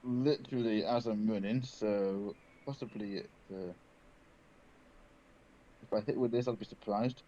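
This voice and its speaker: A British man playing a tabletop game, speaking slowly and hesitantly with many uhs. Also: fairly low pitch, steady tone, dark tone. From Britain. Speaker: player. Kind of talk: casual tabletop play. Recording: dull lo-fi sound, faint noise.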